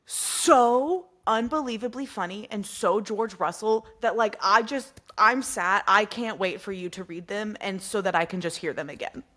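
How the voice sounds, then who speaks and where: A woman's voice: mid-range voice, moderate pace, few pauses, a bit bright. A woman co-hosting a casual podcast, giggly and rambling with many fillers. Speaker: podcast co-host. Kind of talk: casual chat.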